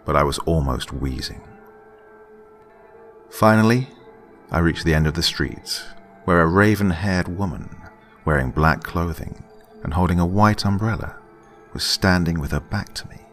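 A man narrating a scripted horror story in a dramatic way, dropping at times into hushed whispers. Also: low voice, lively intonation, unhurried, faint music behind.

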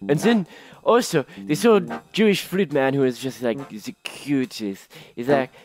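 Man, casual host, sarcastic storyteller, middle pitch. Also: unhurried, soft background music. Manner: sarcastic, jokey retelling. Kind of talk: casual musical summary vlog.

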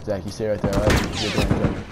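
A man's voice: lowish voice, monotone, fairly quick, heavy background noise. A man giving panicky, mock-dramatic let's play commentary, swearing as he plays. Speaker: gamer. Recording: loud gunfire game audio behind.

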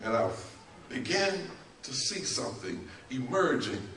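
A man preaching a storytelling sermon, who acts out the voices in his story and swings between loud and soft. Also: mid-range voice, sing-song, measured pace, far from the mic, slight background noise. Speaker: bishop preaching. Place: church sanctuary. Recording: echoey church from off-mic.

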